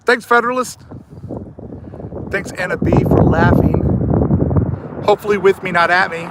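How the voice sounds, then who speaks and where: A fairly high-voiced man live-streams his walk, chatting in a joking, self-mocking way and hyping himself up like a mock coach. He talks into a phone he holds in his hand outdoors, and wind and traffic noise come through clearly. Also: brisk. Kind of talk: live-streamed walking vlog. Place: outdoors on a desert sidewalk, walking. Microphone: phone held in hand.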